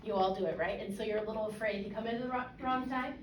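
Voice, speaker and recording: A woman's voice: mid-range voice, very fast, far from the mic, a little hiss or hum. A woman coaching a student ensemble in a rehearsal room, casual and encouraging, often checking that they understand. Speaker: band clinician. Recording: echoey room, voice from afar.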